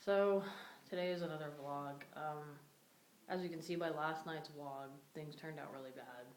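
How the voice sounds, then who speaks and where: A woman's voice: low voice, fairly even intonation, moderate pace, slight background noise, low-quality recording. A young woman vlogging in an empty room of a house, talking loosely with many fillers and sounding short on sleep. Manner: rambling, many fillers like "like" and "you know". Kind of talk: casual vlog rant.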